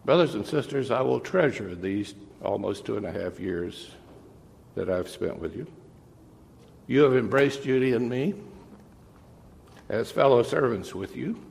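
A man giving an earnest, measured farewell sermon as an interim pastor, with pauses between phrases, recorded in a church sanctuary. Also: mid-range voice, gravelly. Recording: long reverb of a church sanctuary.

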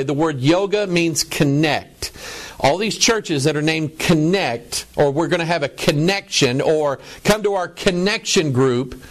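A middle-aged man preaching a lecture to a broadcast audience, stressing words by drawing them out and often repeating himself. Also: a little high. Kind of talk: preaching lecture over images.

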